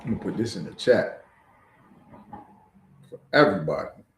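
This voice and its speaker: A man's voice: low voice, animated, normal speed, reverberant. A man teaching a livestreamed scripture class, lecturing emphatically with rhetorical questions.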